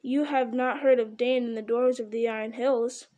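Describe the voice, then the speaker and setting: Casting: woman doing a small, prim male hobbit from a storybook, businesslike and polite, mellow tone. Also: a little high, steady tone, normal speed, close to an everyday voice.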